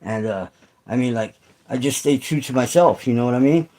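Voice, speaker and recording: A middle-aged man hosts a casual livestream chat with his viewers, rambling and swearing with lots of fillers and restarts. His mid-range voice is mellow and fairly quick, and the recording quality is low.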